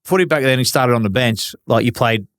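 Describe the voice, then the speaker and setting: A man's voice: mid-range voice, a little fast, fairly bright tone, dry recording, studio quality. A man in his forties with an Australian accent, a former footballer telling casual, swearing-laced stories as an interview guest. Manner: laid-back, swears freely, acts out old arguments.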